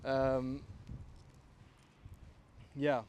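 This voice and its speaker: A man's voice: mid-range voice, monotone, drawn-out words, a little mellow, dull audio, a little hiss or hum. An English man with a posh accent, a filmmaker musing in a rambling, self-mocking vlog monologue recorded outdoors. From England. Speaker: filmmaker, vlogger.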